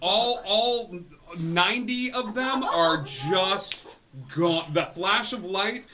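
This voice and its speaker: A man runs a tabletop game, narrating loosely with frequent laughter. His voice sits high, with other players chattering behind him. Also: takes it slowly, crowd noise. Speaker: game master.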